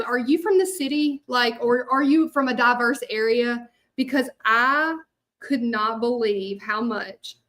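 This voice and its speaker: A woman's voice: fairly high pitch, fairly bright tone. A woman chatting casually to viewers while she hand-letters a sign, full of fillers and "y'all".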